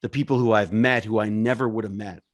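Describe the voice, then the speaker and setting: A man, an actor guest, musing with lots of restarts and trailing off softly at the ends of his thoughts. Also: on the low side, steady tone, fast, no room sound, clean studio sound. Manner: hesitant, restarts often, trails off quietly. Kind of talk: casual reflective chat on a video call.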